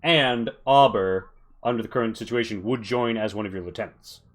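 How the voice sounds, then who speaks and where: A man narrating as game master of a tabletop game, explaining in a relaxed, casual way. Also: fairly low pitch, normal speed.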